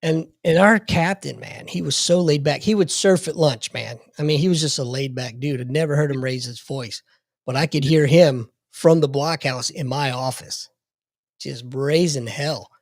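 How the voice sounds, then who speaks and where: A man's voice: fairly high pitch, normal speed, no echo, studio quality. A man in his forties telling a profane story in a casual podcast chat.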